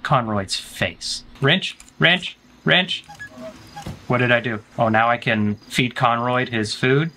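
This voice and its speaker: A man's voice: mid-range voice, takes it slowly, bright, forceful tone, slight background noise. A man streaming a horror game, joking and talking back to the game's characters in playful commentary.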